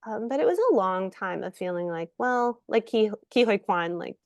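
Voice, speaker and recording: A middle-aged American actress, a guest in a casual interview, telling lively stories, acting out quoted voices and laughing often. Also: female voice, mid-range voice, moderate pace, no room sound, muffled recording. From United States.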